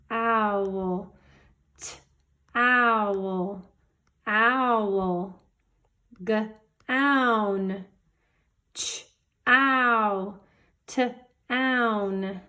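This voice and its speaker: A woman's voice: medium pitch, bright, forceful tone. A woman teacher giving a remote reading lesson to young children, patiently sounding out letters and praising her students.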